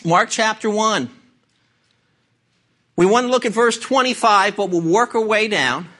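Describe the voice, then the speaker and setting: A man's voice: high-pitched, a little fast, fairly bright tone. A man preaching a sermon, emphatic and full of rhetorical questions, asking the congregation to turn to scripture. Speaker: pastor.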